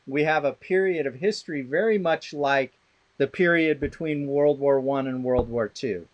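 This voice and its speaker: A man's voice: mid-range voice, moderate pace, muffled recording. A middle-aged man, a guest expert in an interview, telling rambling, blunt, sardonic stories with many restarts. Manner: rambling anecdotal storytelling with restarts. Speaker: guest expert on law of armed conflict. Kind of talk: casual interview conversation.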